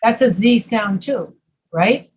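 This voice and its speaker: A woman teaching an English pronunciation class, patiently repeating words slowly to demonstrate sounds. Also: on the high side, breathy edge, low-quality recording. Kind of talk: online pronunciation lesson.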